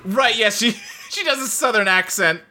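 A man's voice: sits high, expressive, moderate pace, bright, forceful tone. A man co-hosting a casual podcast chat, acting out scenes in funny voices, swearing and laughing often. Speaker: podcast co-host.

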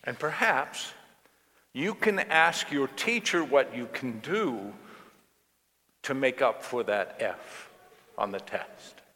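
A man voicing a calm, wise mother in a sermon story, speaking softly and steadily. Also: medium pitch, slow, long pauses. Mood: gentle. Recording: long reverb of a church hall.

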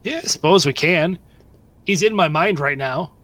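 Higher-voiced relaxed male player. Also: normal speed, dry recording. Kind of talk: casual tabletop play.

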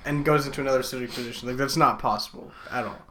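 A man's voice: mid-range voice, fairly even intonation, racing, bright, forceful tone. A man co-hosting a casual movie podcast, laughing easily and telling loose stories.

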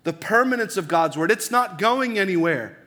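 A man's voice: sits high, lively intonation, normal speed, sharp tone. A male pastor preaching a sermon in a conversational way, asking his listeners many rhetorical questions. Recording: long reverb of a large hall.

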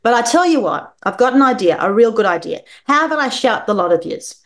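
A woman voicing a drunk, red-faced middle-aged man who talks loud and flat and falters over his words. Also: on the high side, fast, pitched above the performer's own voice. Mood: drunken boastful.

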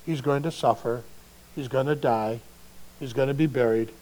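A male pastor preaching a sermon in a conversational way, swinging between quiet reflection and emphatic bursts. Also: mid-range voice, normal speed, rough recording.

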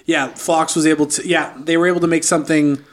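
A man's voice: fairly high pitch, flat delivery, quick pace. A man hosting a casual movie review podcast, talking enthusiastically and often repeating and restarting his words. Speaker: podcast host.

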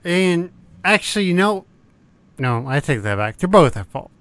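A man's voice: sits high, sing-song, normal speed, fairly bright tone, clear, resonant tone, no echo. A man from the American South co-hosting a podcast, rambling casually with frequent laughs and the odd curse. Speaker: podcast co-host. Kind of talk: casual chat.

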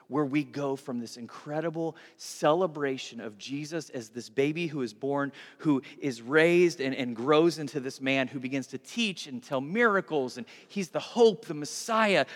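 A male pastor tells the story with animated energy and speaks directly to his congregation. His voice sits high for a man, and a long reverb hangs in the church hall. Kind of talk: sermon.

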